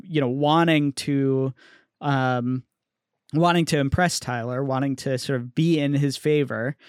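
A man's voice: on the high side, clear, resonant tone, no room sound, studio quality. A man in casual chat, thinking aloud in a hesitant, reflective way. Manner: thoughtful, hesitant, many fillers.

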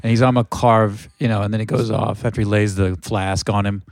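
A man's voice: on the low side, flat delivery, fast talker, darkish tone, no room sound, studio quality. A man on a podcast animatedly retelling movie scenes, swearing casually.

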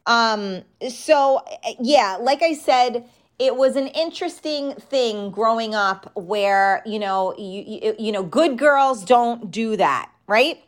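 Host: New York woman in her thirties, frank, chatty live-stream talk, unhurried delivery. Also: fairly high pitch, smooth. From New York, the Bronx. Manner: chatty, frank, reads and answers viewer comments. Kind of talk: casual live-stream chat.

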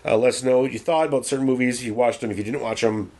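A man co-hosting a casual movie podcast, swearing freely and retelling scenes in an animated way. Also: mid-range voice, rapid-fire. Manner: profane, animated retelling with put-on voices. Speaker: podcast co-host. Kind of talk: casual movie review chat.

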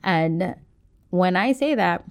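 A woman's voice: on the low side, lively intonation, slow pace. A woman hosting a faith and parenting podcast, talking casually with many fillers and acting out her own past outbursts. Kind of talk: casual reflective monologue.

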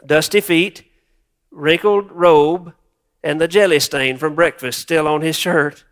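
A man's voice: on the high side, fairly even intonation, takes it slowly, a bit bright. A male pastor preaching a sermon, reflective and wryly humorous, repeating words for emphasis.

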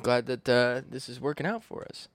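A man's voice: medium pitch, normal speed, slight background noise. Profane laughing podcast host, man. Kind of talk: casual podcast chat.

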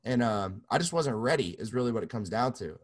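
A man's voice: on the low side, animated, a little fast. A young man, a music producer, telling his story casually in an interview, loose and profane with many restarts.

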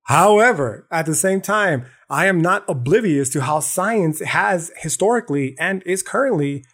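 A man's voice: a little high, normal speed. Man, podcast host, raised voice, swears and slangs through a casual philosophy rant. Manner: profane, slangy, animated lecturing.

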